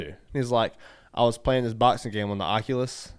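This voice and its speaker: A man co-hosting a casual podcast, telling stories animatedly, swearing freely and acting out other people in loud bursts. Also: mid-range voice, steady tone, a little fast, clean tone. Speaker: podcast co-host. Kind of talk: casual storytelling chat.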